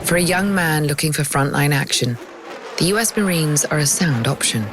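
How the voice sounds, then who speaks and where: A woman host giving measured, wry scripted narration. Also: low-pitched, lively intonation, over music.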